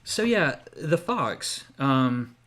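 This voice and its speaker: A man's voice: mid-range voice, sing-song, drawn-out words, fairly bright tone. A man co-hosting a podcast, telling a long story in casual chat with many fillers and restarts. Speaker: podcast co-host.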